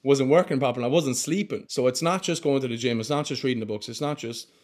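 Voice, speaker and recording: An earnest young man in his twenties, speaking as a podcast guest in a heartfelt, casual way. His pitch sits in a middle range, and his talk is loose and friendly, full of "mate" and "bro". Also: quick pace, darkish tone. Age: 20s.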